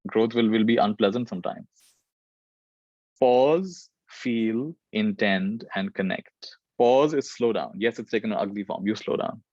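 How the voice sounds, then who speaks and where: A man's voice: on the low side, darkish tone, dry recording, highs cut off. Brief: man, spiritual teacher, repeats phrases to drive them home, dry close sound. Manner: reflective, repeats phrases for emphasis. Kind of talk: spiritual Q&A talk.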